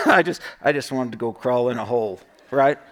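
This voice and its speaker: A middle-aged pastor with a medium-pitched voice preaches a sermon in a conversational, storytelling manner. He frequently checks in with the congregation by tossing in a quick "right?".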